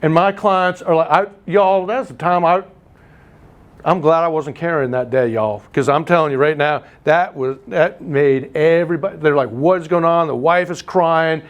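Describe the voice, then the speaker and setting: Animated man teaching a class. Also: a little high, highs cut off. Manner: animated storyteller, teasing, quick asides. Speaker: real estate instructor. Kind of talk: live class lecture with anecdotes.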